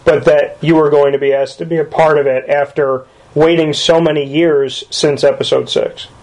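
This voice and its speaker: Interviewer guy, steady monotone, asks long rambling questions. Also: on the high side, moderate pace, low-quality recording. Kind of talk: casual interview.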